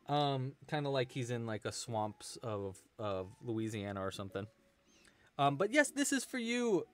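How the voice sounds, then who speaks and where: A man's voice: medium pitch, big pitch swings, measured pace, no echo, faint music behind. A man hosting a live crochet tutorial stream, chatting casually, thanking donors and answering the chat. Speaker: crochet livestream host.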